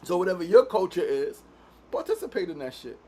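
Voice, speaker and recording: High-pitched and very animated, this man talks fairly quickly in a husky voice with a darkish tone. He hosts a laid-back daily podcast from a studio, is from Queens, New York, curses freely, and keeps tacking "right?" onto his sentences.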